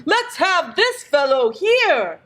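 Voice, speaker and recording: A woman reading aloud, putting on a jolly, booming voice for old Santa Claus in a storybook. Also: big pitch swings, takes it slowly, fairly bright tone, exaggerated voice.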